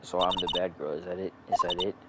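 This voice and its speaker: A man's voice: sits low, flat delivery, fast, heavy background noise, close to an everyday voice. A man putting on a coy, whiny young woman witness. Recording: loud game music behind.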